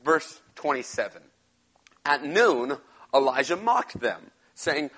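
A young man giving a casual sermon, retelling a Bible story in slangy, animated talk and acting out the characters. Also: a little high, slow, breathy edge, rough recording. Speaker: pastor.

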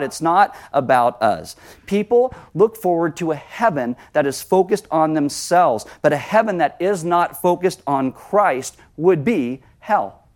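Conversational preaching man, slightly higher voice. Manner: conversational preaching with lively asides. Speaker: pastor. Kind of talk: sermon.

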